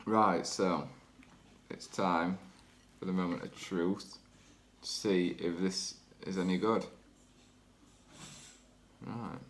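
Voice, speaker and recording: A man's voice: low-pitched, steady tone, takes it slowly, long pauses, slight background noise. A man chatting casually as he cooks in his home kitchen, rambling and poking fun at himself. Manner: chatty, rambling, self-deprecating. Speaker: home cooking vlogger. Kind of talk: casual cooking commentary.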